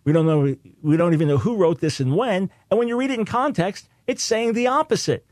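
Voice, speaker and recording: A man hosting a talk radio show, speaking in a fairly high register with an insistent, emphatic delivery. He hammers his points home through repetition. The recording is dry and close, with no room echo. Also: a little fast, darkish tone.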